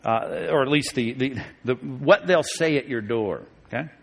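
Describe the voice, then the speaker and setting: A man's voice: mid-range voice, normal speed, vocal fry, slightly rough. A pastor teaching a Bible study class in a casual, conversational way, often checking in with his listeners with "okay?" and "right?". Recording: long reverb of a large hall.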